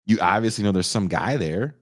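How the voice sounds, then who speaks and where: A man in his forties, a podcast host, retelling a movie in casual chat with animated, profane storytelling. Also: lowish voice, a little fast, no room sound, studio quality. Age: 40s. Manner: animated, profane storytelling that acts out quoted lines.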